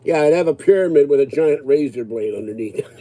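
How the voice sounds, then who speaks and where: A man's voice: a little high, animated, normal speed, mellow. A man in his sixties ranting casually to his viewers, agitated and rambling. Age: 60s. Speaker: livestreamer answering viewers.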